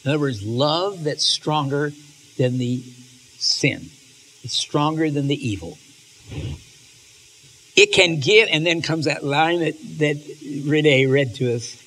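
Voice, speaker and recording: A man giving an animated, emotional lecture on stories, reading passages aloud and often restarting his sentences. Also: fairly high pitch, slow, pauses often. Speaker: speaker on literature and faith.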